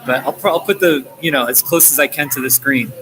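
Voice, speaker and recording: A man's voice: medium pitch, brisk. An American man chatting casually on a live stream from a busy coffee shop, rambling and chuckling between remarks. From United States. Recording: noisy coffee shop background. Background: café chatter and noise.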